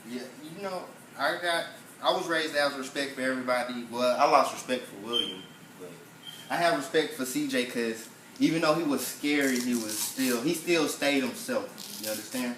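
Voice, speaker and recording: An earnest man cast member speaking in a measured way in a casual group chat. His pitch sits in the middle of the range. The room is echoey, with faint noise behind him. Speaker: reality show cast member.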